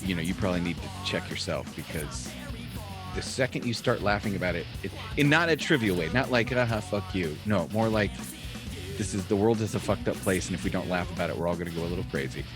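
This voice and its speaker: A man hosting a podcast over a video call, telling jokes in a loose, animated storytelling way. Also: deep voice, fast, music in the background. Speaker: podcast host. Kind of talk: casual chat, telling jokes. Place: home, remote video call. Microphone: own mic on a video call.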